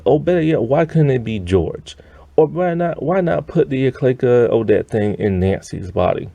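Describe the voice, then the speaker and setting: A man's voice: mid-range voice, creaky, warm tone, no room sound. A man ranting in an exasperated, rambling way about a TV episode, sighing often. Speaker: show reviewer. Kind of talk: ranting TV review.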